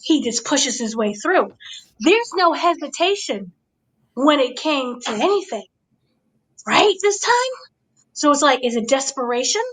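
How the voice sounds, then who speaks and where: High-voiced woman excitedly recapping. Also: a little slow, pauses often, low-quality recording. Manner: excited blow-by-blow recap, checks in with listeners often. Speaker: podcast host. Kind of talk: casual wrestling review chat.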